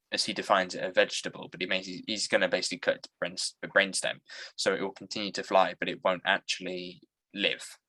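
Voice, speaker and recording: Male podcast host, low and bright, working through plot points with restarts. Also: poor audio. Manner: hesitant, explaining plot step by step. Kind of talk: casual commentary chat.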